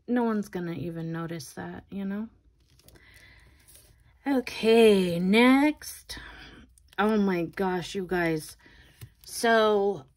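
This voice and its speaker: Grandmother nail vlogger, slow chatty storyteller, mid-pitched, casual. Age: older. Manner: rambling storyteller, laughs often, many restarts. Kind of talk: casual chat while doing nails.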